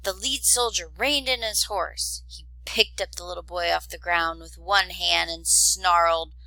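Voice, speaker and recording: A woman narrating a storybook tale in an expressive read-aloud style. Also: lowish voice, a little slow, creaky, no echo, rough recording.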